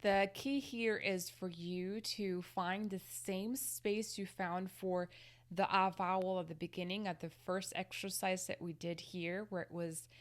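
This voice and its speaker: Speaking to camera, a female vocal coach leads a singing lesson and calmly walks through every exercise one step at a time. She has a fairly low pitch and a clear, resonant tone.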